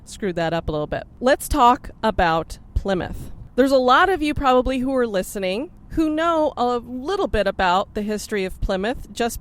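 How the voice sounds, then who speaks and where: A woman co-hosting a podcast, telling stories in a chatty, self-deprecating way. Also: a little high. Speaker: podcast co-host. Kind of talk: casual chat.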